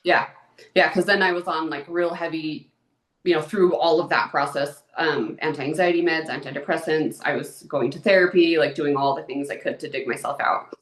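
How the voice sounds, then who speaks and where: A woman's voice: deep voice, fairly even intonation, moderate pace, a bit bright, reverberant. A woman in her thirties, a guest in an interview, talking openly and emotionally in a chatty way. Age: 30s. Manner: open and emotional, chatty with many "like"s. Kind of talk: candid personal interview.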